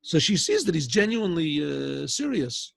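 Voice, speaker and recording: A man, a rabbi, telling a story in a loose, casual way, with restarts and frequent throat clearing. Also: a little high, sing-song, moderate pace, dry recording. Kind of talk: storytelling lesson.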